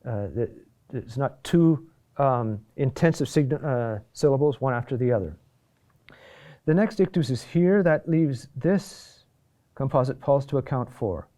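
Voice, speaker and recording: A man teaching a lesson on chant rhythm, pausing often with fillers and restarts and checking in with a quick "huh?". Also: medium pitch, expressive, mellow. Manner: halting, many fillers and restarts, asks "huh?".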